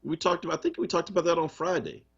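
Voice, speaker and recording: Impassioned male talk radio host, husky. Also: on the high side, sing-song, fast. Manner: impassioned, conversational, emphatic. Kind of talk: live radio talk, reading listener comments. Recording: muffled radio stream.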